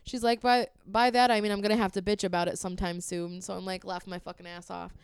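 A woman's voice: medium pitch, level tone, quick pace, smooth, dry recording. A woman telling a long, profanity-laced story in casual chat, laughing often as she recounts a text exchange.

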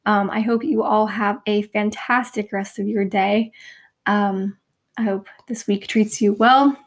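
A young woman hosting her own podcast in a rambling, self-deprecating way, full of "like" and "um", her voice going hoarse. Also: medium pitch, steady tone, unhurried. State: losing her voice, slightly hoarse. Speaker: podcast host. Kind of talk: casual solo podcast.

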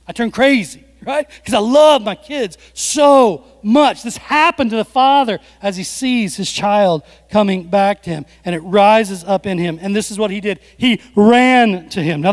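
A man preaching a sermon in a very high voice, his words trailing off into the long reverb of a large hall. He tells the story with lively swings between quiet, drawn-out passages and sudden loud, emphatic bursts, drawing the congregation in. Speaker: pastor.

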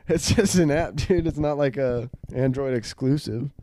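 A man's voice: mid-range voice, unhurried, dark tone, dry recording, clean studio sound. A young man hosting a podcast in casual chat, telling stories animatedly, acting out quotes and laughing often. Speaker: podcast host.

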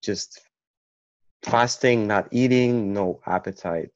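Slow, low-voiced man telling his story. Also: dry recording. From Ukraine. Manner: halting, with many restarts. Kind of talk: personal storytelling. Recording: dull, muffled recording.

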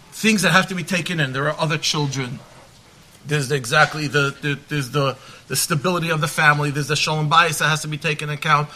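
A man answering a question on a panel as a rabbi, earnest and measured, dropping in Hebrew terms. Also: a little high, sharp tone.

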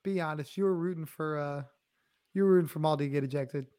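High-voiced laid-back man sports talker. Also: fast, mellow. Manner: laid-back, explains plays, casual slang. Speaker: guest co-host. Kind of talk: casual sports chat.

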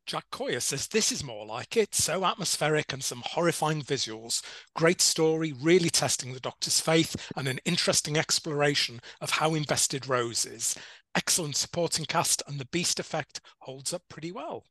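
A man's voice: on the high side, expressive, normal speed, fairly bright tone, no room sound. A man co-hosting a podcast, reading listener reviews aloud with dry, teasing remarks. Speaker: podcast co-host.

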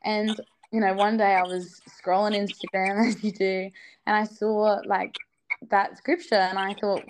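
A woman's voice: mid-range voice, level tone, unhurried, slight background noise, rough recording. A young woman from Australia talks as a podcast guest in a loose, chatty way. She fills her sentences with ums and likes, and she laughs easily between thoughts. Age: young adult. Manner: chatty, laughs often, many fillers. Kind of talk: casual faith podcast interview.

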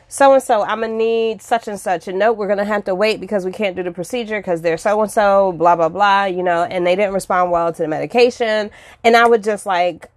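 Woman from D.C., casual storyteller; chatty and expressive, middle pitch, dry close sound. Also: no echo. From Washington, D.C. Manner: expressive, acts out her own past reactions; chatty, with frequent fillers and asides.

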